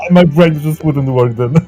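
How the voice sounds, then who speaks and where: A man's voice: a little high, slow, dark tone, soft background music. A man co-streaming a game, bantering in a jokey, teasing way.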